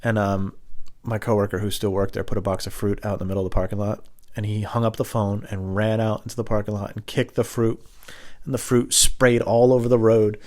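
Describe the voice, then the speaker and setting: A man telling rambling comic stories in a casual monologue, often slipping into high voices for the people in them. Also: little pitch movement, fairly quick, darkish tone. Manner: rambling, acts out high-voiced phone characters.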